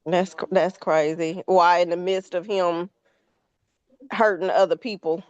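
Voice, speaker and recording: A woman's voice: lowish voice, a little slow, clean tone, no echo, highs cut off. A woman co-hosting a podcast, chatting casually and reacting with exclamations to news clips. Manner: expressive, exclaims and laughs often. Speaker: podcast co-host.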